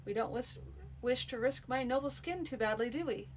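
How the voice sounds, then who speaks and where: A woman voicing a stern, commanding male baron in a read-aloud fantasy story, with a measured, dry manner. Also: on the high side, a little hiss or hum, close to an everyday voice, rough recording.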